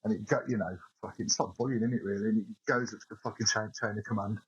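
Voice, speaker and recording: Male caller, husky and profane, a barrack-room storyteller on a muffled, lo-fi voice note. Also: fairly low pitch, steady tone, very fast. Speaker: listener sending a voice note. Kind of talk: casual anecdote. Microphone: phone voice note.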